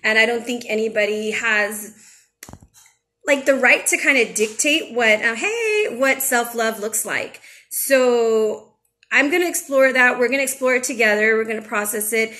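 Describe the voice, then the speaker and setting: A young adult woman talks through a tarot spread in a loose, chatty way. She is frank and a little emotional. Her voice sits somewhat high for a woman. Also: normal speed, bright, forceful tone. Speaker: tarot reader and channel host. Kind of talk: casual spiritual chat with tarot reading.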